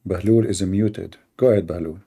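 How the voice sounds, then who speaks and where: Gravelly guy hosting a live call-in debate, mocking and sarcastic, kinda husky. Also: sits low, moderate pace, mellow. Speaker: host of a live debate stream.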